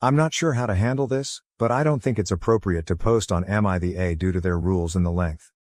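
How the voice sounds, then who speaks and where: Deep-voiced man narrating a story. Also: dry recording, studio quality. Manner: even, measured storytelling. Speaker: narrator of a forum post. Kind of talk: scripted first-person story narration.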